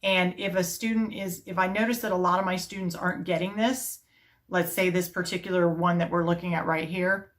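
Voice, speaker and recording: A middle-aged woman, an elementary music teacher, explaining her classroom routine step by step and chanting rhythm syllables to a steady beat. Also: lowish voice, a little fast. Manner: explains step by step in a calm, practical way. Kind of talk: teaching video demonstration.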